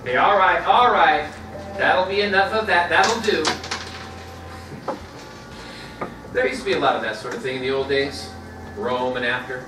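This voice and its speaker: A man's voice: medium pitch, steady tone, fast, close to an everyday voice. A man playing a plainspoken small-town stage manager who talks straight to the audience in a live stage play. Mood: brisk. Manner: plainspoken, folksy, chatty asides to the audience. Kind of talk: live community stage acting. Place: theater stage. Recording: echoey theater from far off, noisy.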